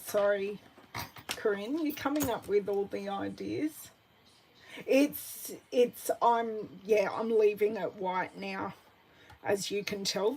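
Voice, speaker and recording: Female craft demonstrator, slow, gravelly, chatty thinker-aloud. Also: mid-range voice, darkish tone, low-quality recording. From Australia. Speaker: card-making demonstrator. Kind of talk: live crafting tutorial chat. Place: at a craft desk.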